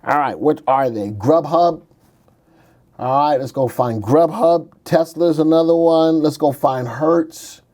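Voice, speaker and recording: A man's voice: on the high side, takes it slowly, a little mellow. A man hosting a casual livestream on stocks, joking around and thinking aloud as he pulls up charts. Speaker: stock market show host. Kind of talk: casual livestream market commentary.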